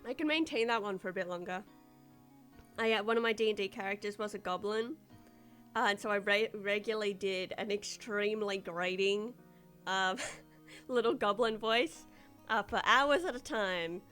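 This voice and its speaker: A woman's voice: medium pitch, normal speed, fairly bright tone, soft background music. A woman streaming a game, chatting casually with jokey, rambling asides. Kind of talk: casual let's-play commentary.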